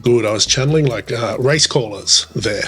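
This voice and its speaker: A man's voice: mid-range voice, normal speed, fairly bright tone, soft background music. A man co-hosting a casual podcast chat, rambling along with plenty of fillers and restarts. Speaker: podcast co-host.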